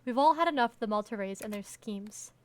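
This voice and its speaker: A woman's voice: on the high side, animated, brisk, lightly acted. A woman voicing a fiery, earnest middle-aged male union worker in a game. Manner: earnest, rallying speech.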